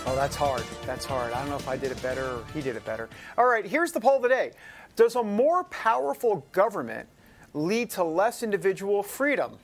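Animated, chatty male talk show host. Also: sits high, a little fast, soft background music. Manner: chatty, joking asides, animated. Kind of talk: casual political talk show.

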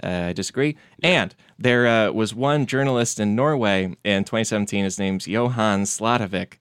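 A relaxed man chatting on a comedy podcast, his voice low-pitched and smooth. He laughs easily between lines. The sound is close and dry, with no room in it. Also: normal speed, dry recording. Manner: laid-back, chuckles often, reads quotes aloud. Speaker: podcast host. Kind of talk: casual comedic chat.

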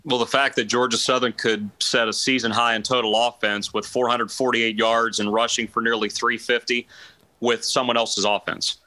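A man co-hosting a sports podcast, giving a steady, detailed breakdown of a college football game. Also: medium pitch, moderate pace, no echo, rough recording. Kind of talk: analytical sports chat.

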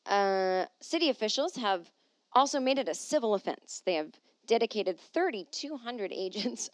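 A woman's voice: mid-range voice, no echo. Sarcastic woman hosting a comedy podcast. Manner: animated, sarcastic asides while reading aloud. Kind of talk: casual comedic monologue. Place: at home.

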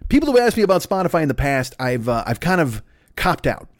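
A man's voice: fairly high pitch, very animated, quick pace, dry recording, studio quality. A man hosting his own podcast, a comedian rambling in a profane, self-deprecating solo monologue.

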